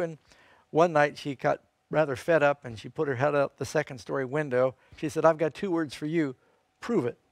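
A man's voice: mid-range voice, no room sound. A man preaching a sermon, telling a scripture story and quoting verses, lifting his voice for emphasis. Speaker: pastor.

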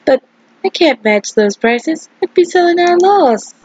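A woman's voice: extremely high pitch, animated, measured pace, a little mellow, voice pushed up. A woman voicing a polite, worried middle-aged male shopkeeper. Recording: slightly dull lo-fi audio.

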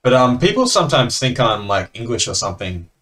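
A man's voice: medium pitch, sing-song, a little fast, a bit bright. An Australian man chatting casually and laughing between remarks as he comments on a card game he is playing.

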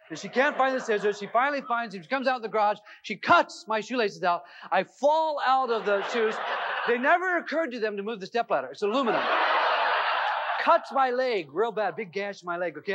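A man's voice: sits high, background noise. A middle-aged man giving a self-help seminar talk, telling a comic family story with lots of fillers. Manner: animated, comic anecdotes with many fillers. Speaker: seminar speaker. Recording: dull lo-fi 1990s videotape sound.

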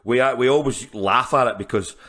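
A musician appearing as a podcast guest tells stories in a chatty, casual interview, laughing often and restarting frequently. His voice is medium-pitched and a bit bright, at a moderate pace.

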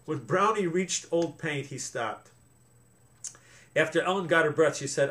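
Man, reading a children's story aloud, slightly high voice, chats to young listeners. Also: moderate pace, fairly bright tone. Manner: stops to explain things to young listeners. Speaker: reader of a children's book.

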